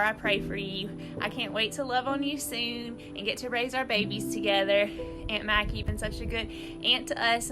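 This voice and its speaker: A woman recording a loving video message to a young mother and her unborn baby, soft and doting. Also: mid-range voice.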